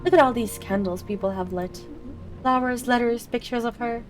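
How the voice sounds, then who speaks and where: A woman's voice: on the high side, normal speed, faint music behind, natural voice. A woman voicing a bitter, grieving sister in a video game, cutting and sarcastic. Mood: scornful.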